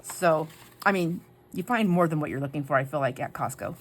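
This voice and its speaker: A woman's voice: sits low, animated, fairly quick, slight background noise. A woman telling a rambling story while she works on a craft project at home. She laughs often and often stops to restart her sentences. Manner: rambling, self-interrupting, giggly. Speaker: junk journal crafter.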